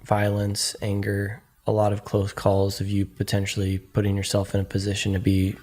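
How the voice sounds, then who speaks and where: Man, podcast host, interviewer, gentle probing questions, lowish voice, flat intonation. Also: moderate pace.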